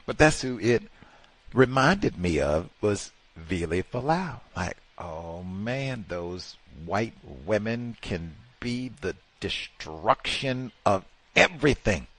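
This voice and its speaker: Talk host, male, low voice with wide swings, rambling exasperated storyteller. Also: big pitch swings, slow, fairly bright tone. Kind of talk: casual anecdote telling.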